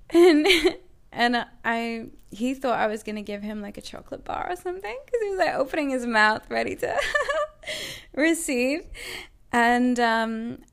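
A woman's voice: on the high side, lively intonation, measured pace, creaky. A young woman telling a personal story to her viewers in a chatty, earnest way, full of "like" and "you know" fillers. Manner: warm and earnest about her feelings. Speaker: vlogger.

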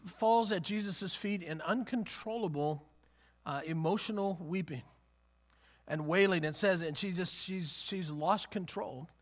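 A man preaching a sermon in a conversational way, often restarting phrases and acting out the words of the people in his story. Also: high-pitched. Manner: conversational, repeats and restarts, acts out quotes.

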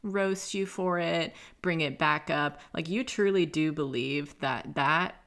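A woman's voice: sits low, takes it slowly, fairly bright tone. A young woman hosting a casual solo podcast, chatty and swearing often as she talks things through. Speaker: podcast host.

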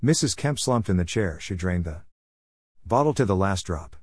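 A man reading a story aloud in a steady, wry narrating manner. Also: sits low, moderate pace, breathy edge, dry recording, clean studio sound.

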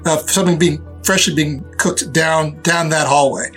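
A man's voice: on the high side, normal speed, a bit bright, soft background music. A man running a tabletop game as game master, narrating in a rambling way with many restarts.

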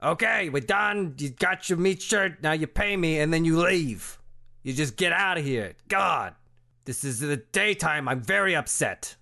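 A man's voice: a little high, animated, unhurried, creaky, pushed and bright, full character voice. A man voicing a cranky male meat bat merchant who grumbles and shoos his customers away. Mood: grumpy.

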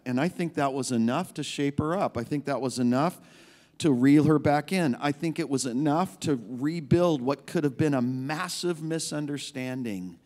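A man's voice: medium pitch, normal speed, a little mellow. A male pastor preaching a sermon in a conversational, emphatic way, repeating key phrases. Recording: long reverb of a large hall.

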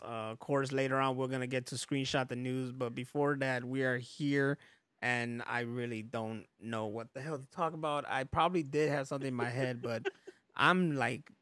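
A man's voice: mid-range voice, fairly bright tone, no echo. A man hosting a podcast in loose casual chat, rambling, laughing often and swearing freely. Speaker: podcast host.

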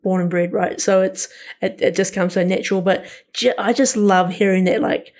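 A man's voice: high-pitched, steady tone, normal speed, darkish tone. A man co-hosting a podcast, chatting casually about a film in a rambling way with lots of fillers. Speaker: podcast co-host.

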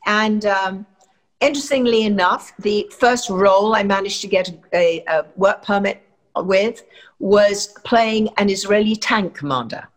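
A woman's voice: mid-range voice, measured pace. An older woman from England with a standard southern English accent, telling stories from her acting career with many fillers and restarts. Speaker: actress guest. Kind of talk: anecdotal interview talk.

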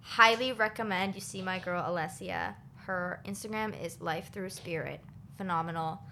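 A woman tells a personal story in an easy, chatty way, her voice bright and forward. She leans on "like" and restarts as she talks. A faint hiss runs underneath. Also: on the low side, normal speed, gravelly. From Toronto area, Canada. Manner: chatty, emotional storytelling with many "like"s. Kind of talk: casual chat.

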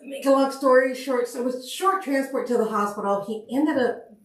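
A woman's voice: high-pitched, moderate pace. A woman who works as a paramedic, telling stories from her career in casual conversation. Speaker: paramedic guest. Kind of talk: casual storytelling on a podcast. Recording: echoey room, mic at a distance.

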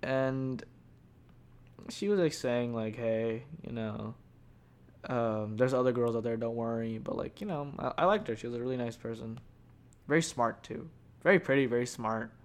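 A man's voice: mid-range voice, normal speed. A young man hosting a podcast, telling stories in a rambling, casual way, full of profanity and constant "like" fillers. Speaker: podcast host. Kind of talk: casual solo storytelling.

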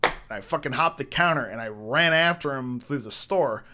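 A man's voice: mid-range voice, lively intonation, normal speed, background noise. Swearing man telling rowdy stories. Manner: profane, rambling anecdotes with restarts. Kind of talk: casual storytelling.

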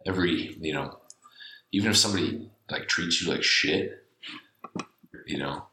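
A man with a very low voice and a bright, forceful edge talks through advice as a podcast co-host. His manner is earnest and profane. The room is echoey, with a faint hiss behind him. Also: moderate pace. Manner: earnest, preachy about responsibility, profane. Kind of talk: casual chat. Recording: roomy room, faint noise.

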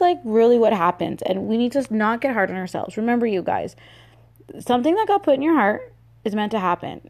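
A woman's voice: mid-range voice, a little mellow. A woman hosting a solo motivational podcast, chatty and upbeat with lots of filler words. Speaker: podcast host.

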